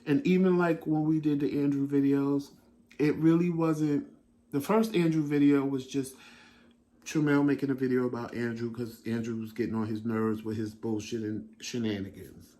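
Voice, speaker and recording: A middle-aged man telling stories in a casual chat as a talk show co-host, lively and laughing, acting out what he said. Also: mid-range voice, moderate pace. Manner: animated, laughing storyteller who acts out his own quotes. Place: home living room.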